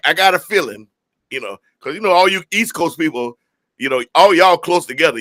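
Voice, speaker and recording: Bright-voiced joking male stream host. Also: a little high, no echo. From California. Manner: joking, folksy, greets viewers by name. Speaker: host of a live music stream. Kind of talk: casual live-stream chat reading viewer comments.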